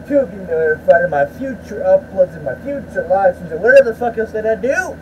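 A man rants to his viewers in a loose, rambling way, swearing freely and stumbling over his starts. His voice is high and swings up and down a lot, with faint noise behind him. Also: very animated, fast talker, a little mellow, poor audio. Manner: rambling, profane, with repeated restarts. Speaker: YouTuber. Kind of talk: ranting vlog talk.

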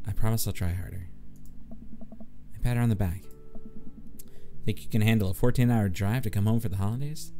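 A man's voice: on the low side, fairly quick, pauses often, faint music behind. A man playing a dating game and reading its text aloud, joking and voicing the characters. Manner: animated, joking, voices all the characters. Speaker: gamer.

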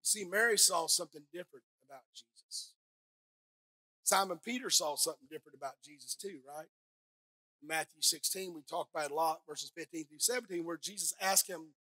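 A middle-aged woman pastor preaching a sermon on a clip-on mic, swinging from soft asides to loud shouted peaks and joking with the congregation. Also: on the low side, fairly quick, slightly rough. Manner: playful, talks directly to the congregation. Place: church sanctuary. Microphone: headset or clip-on microphone.

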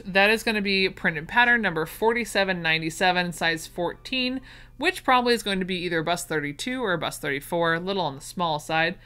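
A woman's voice: fairly low pitch, bright, forceful tone, clean tone. A woman chatting enthusiastically while unboxing vintage sewing patterns, gushing over each find. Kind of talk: casual unboxing chat.

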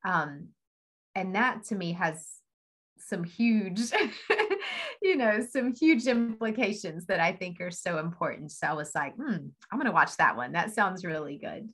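Woman on a video call, kinda low pitched but bright, chatty storyteller who laughs a lot. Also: low-quality recording. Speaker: team call speaker. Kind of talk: casual motivational talk.

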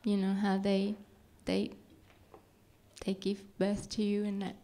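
A middle-aged woman, the speaker's mother, joining the talk and explaining slowly and hesitantly while she searches for words. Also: medium pitch, monotone, mellow.

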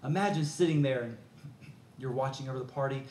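A man's voice: mid-range voice, fairly quick, dark tone, a little hiss or hum. Storytelling preacher, man, earnest and conversational, roomy hall sound. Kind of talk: sermon.

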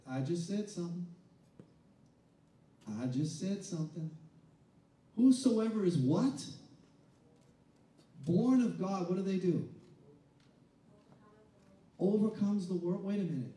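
In this sermon, a male pastor with a high voice talks at an ordinary pace but leaves long pauses, mimicking skeptical churchgoers in a conversational manner before swelling into loud, shouted high points. The sound is distant and echoey, with faint room ambience underneath.

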